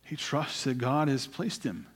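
A man preaching a sermon, asking his listeners questions and often adding "right?", sometimes dropping to a quiet voice for emphasis. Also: lively intonation, measured pace, slightly rough. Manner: asks the congregation questions, frequent "right?" and repeated words; drops to a quiet, low voice for emphasis.

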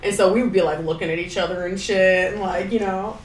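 A woman's voice: medium pitch, a little fast, slight background noise. A woman hosting a podcast, telling swear-filled stories in casual chat and acting out the quotes. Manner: profane, animated storytelling with acted-out quotes. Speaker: podcast host. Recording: roomy echo, distant mic, faint ambience.

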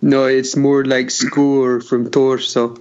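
A man's voice: mid-range voice, level tone, slow pace, darkish tone, slight background noise. Playful male podcast co-host, lo-fi sound. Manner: playful, jokey. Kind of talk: casual podcast chat. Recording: dull lo-fi sound.

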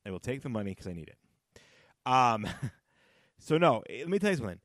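Studio-quality audio with no room sound captures this man hosting a solo podcast in a loose, chatty way. His mid-range voice swings widely in pitch, moves fairly quickly, and has a fairly bright tone, and he keeps laughing at his own jokes and repeating phrases to stress them.

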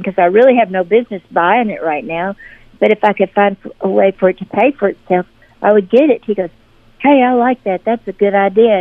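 A woman's voice: mid-range voice, dry recording. Woman telling stories over a phone line. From Memphis, Tennessee. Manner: animated, acts out quoted voices in her stories. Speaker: interview guest, singer-songwriter. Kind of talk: casual storytelling interview. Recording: dry tinny phone-line audio.

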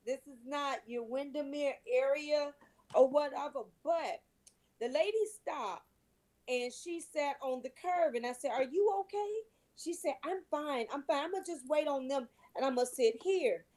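A woman's voice: sits high, a little slow, a little mellow. A woman on a talk show earnestly telling a story, sometimes searching for words. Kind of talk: casual storytelling.

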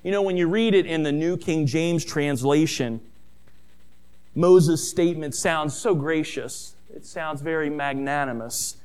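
A middle-aged man preaching a sermon who tells stories, calls his listeners family, and rises in pitch and volume on key points. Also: measured pace, darkish tone, clean tone. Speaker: pastor.

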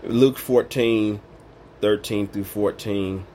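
A man's voice: on the low side, fairly even intonation, takes it slowly, warm tone. A man giving an informal sermon, preaching in an emphatic, colloquial way. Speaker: Bible teacher.

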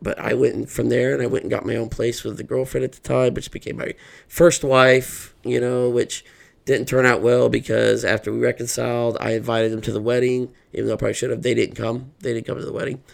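A man's voice: mid-range voice, level tone, a little fast. A middle-aged man, a podcast guest, telling an earnest personal story and acting out what people said. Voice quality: gravelly.

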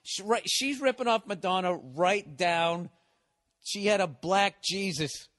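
A man's voice: sits high, measured pace, fairly bright tone, no echo, studio quality. Profane ranting middle-aged man. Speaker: podcast host. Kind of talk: rambling comedic monologue.

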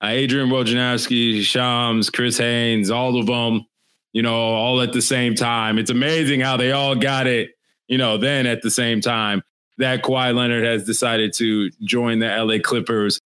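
A man's voice: medium pitch, level tone, unhurried, fairly bright tone, clear, resonant tone. A man in a middle register hosts a sports podcast in a loose, brash way. He curses freely and laughs as he reads things out. The talk is casual and unscripted. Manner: brash, swears, laughs while reading. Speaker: podcast host.

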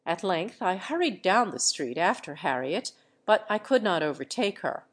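A woman reading the part of a remorseful aristocratic nobleman in an audiobook, in measured, earnest storytelling. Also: lowish voice, very animated. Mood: confessing.

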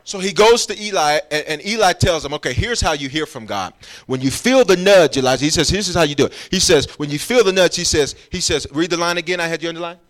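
A man's voice: a little high, fast. A man preaching a sermon as pastor, emphatic and urging his congregation along as he explains scripture. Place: church.

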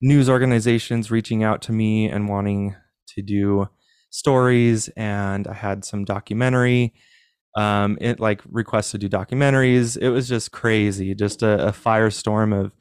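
Low-voiced young male guest, smooth clean tone, dry close sound, candid and reflective. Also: fairly even intonation, moderate pace, no room sound. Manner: candid, self-deprecating, reflective. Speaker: podcast guest. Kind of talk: personal storytelling in interview.

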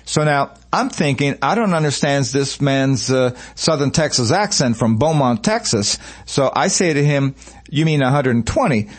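A man's voice: medium pitch, animated, moderate pace. Man hosting a promotional radio show. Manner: conversational storytelling with many fillers.

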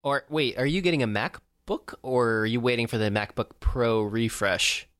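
A man co-hosting a casual podcast, rambling through jokes with plenty of fillers and restarts. His voice sits at an ordinary middle pitch and is recorded close and dry, with no room sound. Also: normal speed, dry recording. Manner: rambling, animated, jokey, lots of fillers and restarts. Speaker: podcast co-host. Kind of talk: casual chat.

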